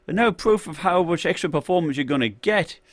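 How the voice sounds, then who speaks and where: A man's voice: on the high side, lively intonation, a little fast, no echo. Rambling male tech streamer, dry sound. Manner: rambling, lots of fillers and restarts; reads out and greets viewers from chat. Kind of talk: live-stream chat.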